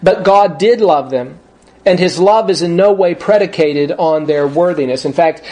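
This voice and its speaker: Guy preaching a sermon, kinda high voice, emphatic with chatty asides. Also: a little mellow. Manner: emphatic, conversational asides, slows words for stress. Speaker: pastor.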